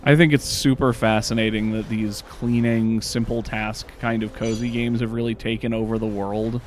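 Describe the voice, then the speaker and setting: A man's voice: lowish voice, flat delivery, normal speed, a little hiss or hum. A man hosting a let's play, chatting casually with stammered restarts and reading the game's story text aloud.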